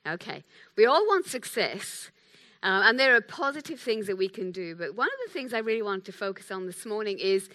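A woman's voice: medium pitch, big pitch swings, a little fast, sharp tone. A woman preaching a sermon in a chatty, self-deprecating way, acting out quotes.

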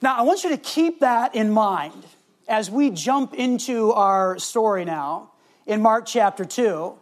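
A middle-aged man preaching a sermon, telling a family story and slowing down to stress key words. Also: high-pitched, lively intonation. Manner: storytelling, varies pace for emphasis. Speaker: pastor.

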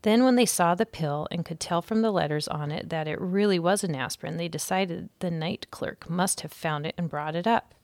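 A woman's voice: lowish voice, normal speed, few pauses, a little mellow, dry recording. A woman teacher reading a children's chapter book aloud, giving the characters voices. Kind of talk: storybook read-aloud.

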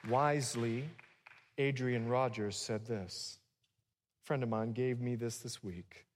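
A man preaching a sermon to a congregation, swinging from hushed lines to loud ones and slipping in humorous asides. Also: medium pitch, fairly even intonation, slow, long reverb tail, a faint crowd, slight background noise. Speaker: pastor.

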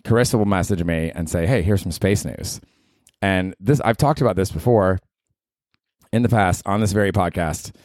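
A man with a very low voice hosts a solo comedy podcast. He rambles sarcastically and swears freely as he talks. The sound is dry and close to the mic. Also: brisk, a little mellow, no room sound. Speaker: podcast host.

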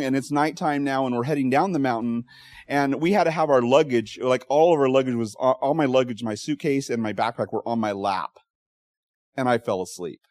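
A male pastor preaching a sermon, telling stories with animated quoted voices and frequent laughs. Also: on the high side, no echo. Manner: animated storytelling, laughs often, acts out quotes.

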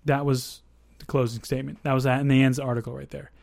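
A man's voice: mid-range voice, level tone, fast, vocal fry, darkish tone, no room sound. Dry-voiced conversational male podcast host. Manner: conversational, thinks aloud with asides and restarts. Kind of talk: casual podcast discussion.

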